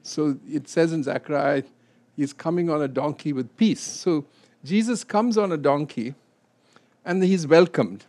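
A man leading a Bible study, explaining scripture and acting out quotes with a rising, animated voice. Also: a little high, a little slow.

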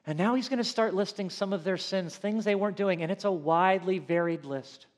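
A male pastor preaching an expository sermon, swinging between loud emphatic lines and soft asides. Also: high-pitched, lively intonation, normal speed, big-room sound.

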